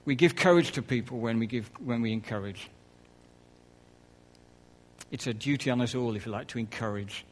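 Man, preacher, relaxed conversational sermon, mid-pitched voice. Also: normal speed, long pauses, a little hiss or hum, low-quality recording. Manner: conversational, with soft laughs and asides.

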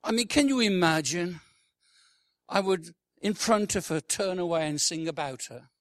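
A man in his sixties preaching a sermon, swinging from loud, emphatic declarations to hushed, almost whispered lines. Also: high voice, lively intonation, moderate pace, no room sound, clean studio sound. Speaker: worship leader. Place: church conference hall.

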